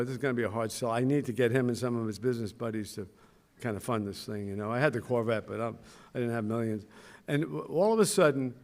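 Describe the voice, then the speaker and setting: An older man giving an anecdotal ceremony speech as a school founder, storytelling with self-mocking humor and acting out quoted voices. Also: medium pitch.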